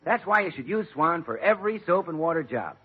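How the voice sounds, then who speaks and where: Jovial husky-voiced 1940s radio announcer. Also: male voice, on the high side, animated, a little fast. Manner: jovial, salesy patter. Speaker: announcer and comic foil. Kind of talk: 1940s radio comedy with ad pitch. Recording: muffled old radio transcription.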